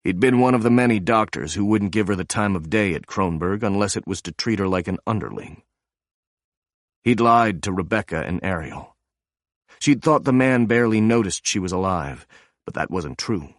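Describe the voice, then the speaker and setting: A man narrating a thriller audiobook in a measured, even reading. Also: on the low side, dry recording, studio quality.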